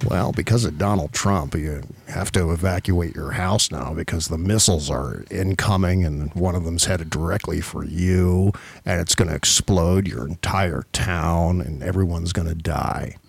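Man doing a halting, passive-aggressive older politician. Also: deep voice, vocal fry, husky, no room sound, pitched below the performer's own voice, exaggerated voice. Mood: grimly calm. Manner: stammering, passive-aggressive drone. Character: impression of a soft, halting older male politician.

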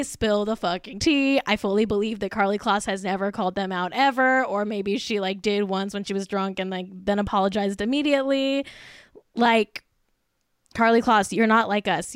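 A woman's voice: medium pitch, moderate pace, clean tone, dry recording, studio quality. A young woman hosting a celebrity gossip podcast, a little tipsy, swearing freely and laughing between lines. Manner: profane, giggly, gossipy, heavy use of "like". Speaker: podcast host.

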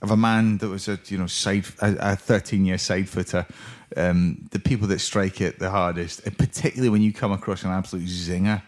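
A man's voice sits a little low as he chats about football on a podcast. He is middle-aged and talks in an animated, jokey way, laughing often and slipping into mock impressions. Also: brisk, few pauses. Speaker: podcast co-host, former footballer. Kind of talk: casual football chat.

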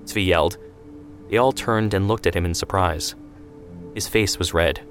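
Male narrator, low voice, measured, scripted story, faint music.

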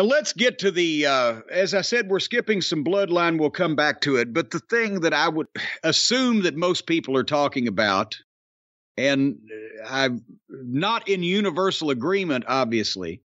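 A man's voice: on the high side, very animated, a little slow, fairly bright tone, no echo, highs cut off. A man hosting a podcast, ranting bluntly and profanely about wrestling with an exasperated manner. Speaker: podcast host.

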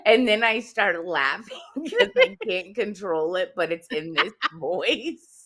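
A woman's voice: mid-range voice, slow pace. A woman co-hosting a podcast, telling stories in casual chat and laughing through them. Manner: animated storyteller, laughs often mid-sentence. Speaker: podcast co-host.

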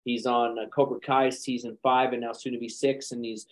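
A man, an actor and speaker, telling lively anecdotes in a podcast interview with frequent chuckles. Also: mid-range voice, brisk, rough recording. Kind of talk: conversational storytelling.

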